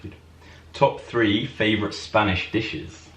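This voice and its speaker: A man's voice: on the low side, slow pace, a bit bright. A man off camera reading out questions briefly and plainly in a casual Q&A. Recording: echoey room, far from mic, faint hiss.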